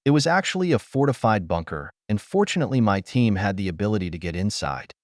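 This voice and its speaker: A man's voice: lowish voice, lively intonation, quick pace, no room sound, studio quality, lightly acted. A man voicing a battle-worn male soldier who talks in a blunt, bitter, growling way. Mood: gruff. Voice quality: gruff, growling.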